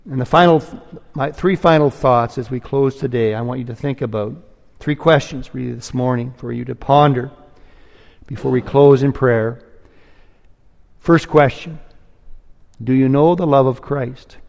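A man's voice: medium pitch, measured pace, vocal fry, long pauses, a little mellow. Earnest male preacher in a reverberant church. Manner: earnest, rising to emphatic pleading. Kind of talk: sermon.

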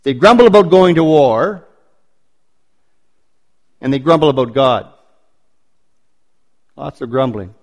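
A man preaching a sermon, building points through emphatic repetition and slowing down on stressed phrases. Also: medium pitch, animated.

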